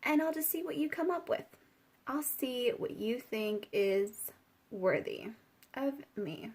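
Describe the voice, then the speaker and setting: A woman voicing a self-assured woman from a tarot card, teasing and unhurried. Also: on the high side, animated, darkish tone. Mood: amused.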